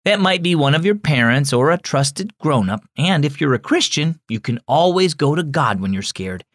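Expressive man reading to children. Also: on the high side, normal speed, no echo, clean studio sound. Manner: gentle, expressive storyteller. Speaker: host of a Christian children's devotional. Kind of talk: scripted narration for children.

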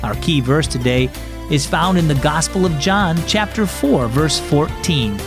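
A man's voice: fairly high pitch, lively intonation, a little slow, music in the background. A man hosting a children's devotional show, reading scripted narration and speaking encouragingly to young listeners. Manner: warm, encouraging, addresses kids directly.

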